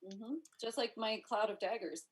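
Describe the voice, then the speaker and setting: A woman's voice: fairly high pitch, normal speed, slightly rough. A woman who plays in a tabletop game, chatting casually and playfully. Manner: playful, laughs often. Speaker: player.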